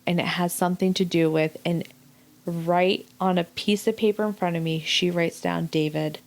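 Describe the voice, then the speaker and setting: A middle-aged woman with a lowish voice tells a personal story as a podcast guest. She is animated and colorful, swears freely, and acts out the voices of the people she quotes. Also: moderate pace. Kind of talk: casual storytelling chat.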